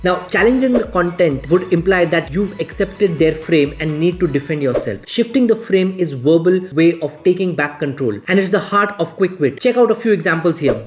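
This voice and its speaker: Measured self-help video narrator. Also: medium pitch, expressive, a little mellow, soft background music. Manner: measured, explanatory.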